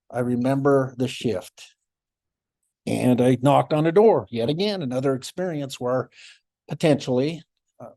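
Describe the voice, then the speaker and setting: Middle-aged male speaker, mellow, mid-pitched voice, reflective storyteller at a conference. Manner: reflective, with frequent soft laughs and restarts. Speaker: former child welfare caseworker, symposium speaker.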